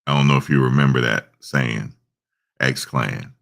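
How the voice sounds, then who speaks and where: A man casually telling stories, acting out voices with sudden high-pitched outbursts in profane, slangy talk. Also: moderate pace, creaky, fairly bright tone. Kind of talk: casual storytelling.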